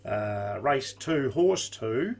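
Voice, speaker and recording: A man's voice: mid-range voice, expressive, very slow. Australian man rattling off racing tips. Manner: easygoing, rattles off odds with mates' slang. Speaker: racing tipster. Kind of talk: casual tips chat on a live stream.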